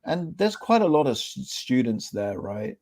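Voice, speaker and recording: Mellow-voiced man chatting, "bro" every few lines. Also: medium pitch, measured pace. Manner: animated, keeps saying "bro" and "right?". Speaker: podcast co-host. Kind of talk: casual chat. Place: podcast studio.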